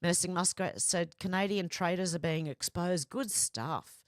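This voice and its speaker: A woman's voice: on the low side, normal speed, no room sound, clean studio sound. An Australian woman hosting a livestream in a casual, chatty way, reading viewer comments aloud and reacting to them. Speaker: livestream host reading chat. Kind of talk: casual chat.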